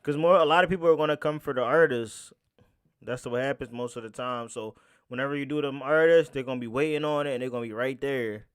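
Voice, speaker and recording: A man's voice: mid-range voice, quick pace, clean tone, no echo, clean studio sound. A man streaming live, reacting casually to a clip and greeting his chat by name. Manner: laid-back, greets chat by name, laughs along.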